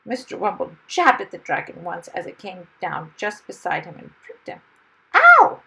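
A woman reading a children's story aloud in a lively, expressive way. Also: on the low side, moderate pace, creaky, breathy edge, rough recording.

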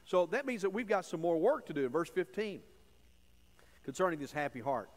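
Man pastor, sermon, fairly high voice, long reverb of a church sanctuary. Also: animated, brisk. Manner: folksy, emphatic preaching that swings from low asides to loud stressed phrases.

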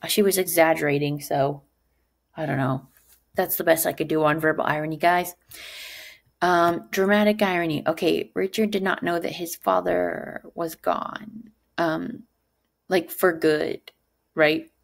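A woman teacher leads a lesson in a low, somewhat gravelly voice. She talks in an animated way and checks in with her class again and again. When she quotes someone she jumps up in pitch. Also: a little slow. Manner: animated, asks rhetorical "right?" often; acts out quoted lines with sudden pitch jumps.

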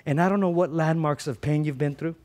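A middle-aged man preaching a sermon as pastor, telling a personal story with passion, swinging from loud to hushed. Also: a little high, fairly quick.

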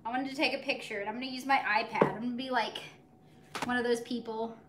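Over heavy background noise, a young woman speaks fast in a slightly high, steady voice while cooking live at home. The bubbly, chatty host talks to her viewers and her dog, with a phone on a tripod capturing it.

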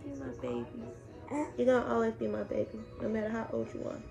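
A woman's voice: on the high side, fairly quick, creaky, over music, poor audio. A young mother chatting on a phone livestream, talking to her baby in a playful sing-song and repeating words.

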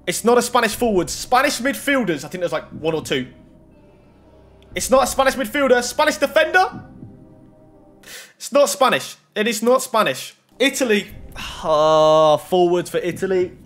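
A young man giving casual running commentary while opening game packs. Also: high voice. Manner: running commentary, rising to excited shouts. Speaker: FIFA pack-opening YouTuber.

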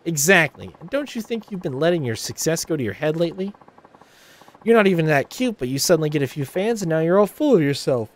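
A man's voice: on the high side, big pitch swings, fast talker, pitched above the performer's own voice. A man voicing a snooty, boastful young female idol rival while reading video game dialogue aloud. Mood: mocking. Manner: haughty, boastful, whiny.

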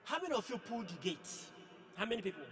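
A man's voice: high-pitched, very animated, fast, fairly bright tone. A male pastor preaching emphatically and questioning a testimony giver, repeating words to stress his points. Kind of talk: sermon with live testimony questioning. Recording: noisy church hall with long echo.

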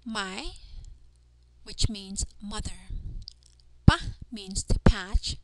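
A woman's voice: fairly high pitch, expressive, a little mellow, rough recording. A woman teaching a language lesson, carefully sounding out letters and words one at a time. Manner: careful, deliberate pronunciation of drilled sounds. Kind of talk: slow instructional language lesson. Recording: noticeable background noise.

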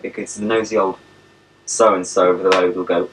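A man's voice: on the low side, animated, a little fast, fairly bright tone. A young English man chatting playfully to a pen pal on a home video, cooing at his dogs. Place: at home, indoors. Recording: old home video, distant mic, faint hiss.

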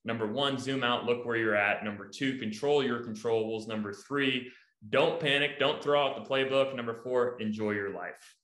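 Bright, animated man in an echoey room. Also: medium pitch, moderate pace. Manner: animated, emphatic advice with listed points. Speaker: podcast co-host. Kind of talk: casual podcast talk.

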